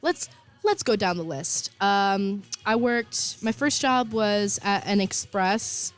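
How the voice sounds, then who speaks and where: A woman's voice: medium pitch, expressive, takes it slowly. Young woman cohosting college radio, chatty and giggly, lots of ums, faint music under. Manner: chatty, laughs often, many fillers. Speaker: student radio co-host. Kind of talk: casual on-air chat.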